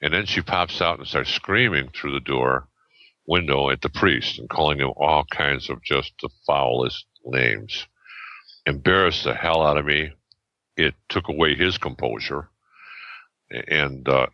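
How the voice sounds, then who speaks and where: A man in his seventies, a podcast guest, telling a story in a rambling, halting way with many restarts and fillers, on a dull lo-fi recording. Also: rumbling low, bright, forceful tone, no echo. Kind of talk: casual storytelling. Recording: dull lo-fi sound.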